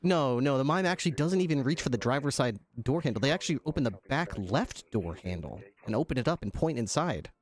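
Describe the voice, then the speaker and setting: A man narrating a role-play scene as game master, halting and restarting as he describes the action. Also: medium pitch, lively intonation.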